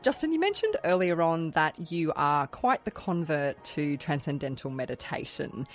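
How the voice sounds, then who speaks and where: Low-voiced woman hosting an interview. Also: very animated, moderate pace, soft background music. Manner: conversational, asks probing questions. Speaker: podcast host. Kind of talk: interview questions.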